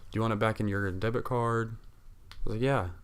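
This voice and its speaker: A young man co-hosting a casual podcast, telling an animated story full of cussing and acting out what others said. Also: lowish voice, fairly quick, clear, resonant tone. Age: young adult. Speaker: podcast co-host. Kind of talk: casual chat.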